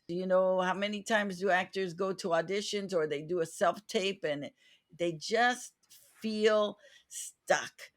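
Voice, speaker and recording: A woman's voice: on the low side, measured pace. A woman hosting a podcast interview, talking in an earnest, reflective way with frequent restarts. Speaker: podcast host. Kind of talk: casual interview chat.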